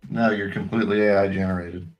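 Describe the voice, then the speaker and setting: A man's voice: low voice, steady tone, quick pace, highs cut off, soft background music. A man co-hosting a casual political commentary show over a video call, laid-back and hesitant with many fillers. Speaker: co-host.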